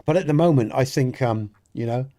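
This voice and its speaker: A man's voice: mid-range voice, fairly quick, warm tone. A man with a Dorset accent chatting with live viewers while streaming a game, talking in an earnest, rambling way and often restarting his sentences. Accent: Dorset English. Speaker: gaming streamer. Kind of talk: casual chat with live viewers.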